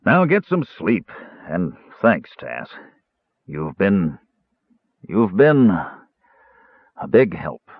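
Man doing a big tired grumpy warrior, low gruff voice, sounds like a phone line. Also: big pitch swings, normal speed, dry recording. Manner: gruff, grumbling, stern. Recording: tinny phone-like dry recording.

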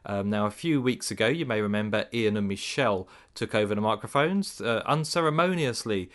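A male podcast host with a lowish voice speaks in a measured, slightly hesitant way. He introduces the next segment in casual chat. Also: expressive, fairly bright tone.

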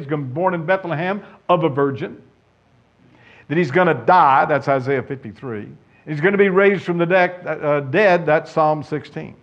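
A man preaching a sermon, emphatic and conversational, putting questions to his listeners. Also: a little high. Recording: dull lo-fi sound.

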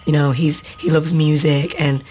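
Low, chatty actress guest; laughs easily, casual interview talk, faint music underneath. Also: female voice, fairly even intonation, normal speed, a little mellow, slightly rough.

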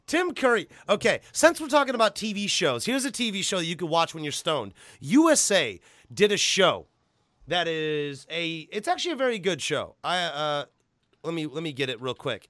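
A man hosting a podcast in loose, casual chat, excitable and profane, breaking into loud laughs. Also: a little high, moderate pace, no room sound. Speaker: podcast host.

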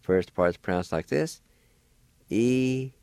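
A man's voice: mid-range voice, darkish tone, clear, resonant tone, no room sound. A man hosting a radio language lesson, pronouncing words syllable by syllable and encouraging listeners. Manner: slow, careful syllable-by-syllable pronunciation. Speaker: radio host and language teacher.

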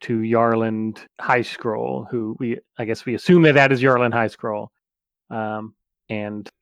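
Halting male tabletop player. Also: medium pitch, steady tone, gravelly, clear, resonant tone, dry recording. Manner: halting, lots of fillers. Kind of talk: tabletop role-play.

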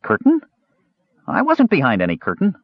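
A man voicing a small, excitable male kender with a high, shrill, chattering voice in a dull, dry audiobook recording. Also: normal speed, no echo. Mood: eager. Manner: eager, chattering, innocent.

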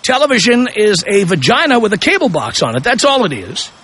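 A man's voice: high voice, sing-song, fairly quick, fairly bright tone, a little hiss or hum. A man hosting a call-in radio talk show, brash and mocking, provoking his callers.

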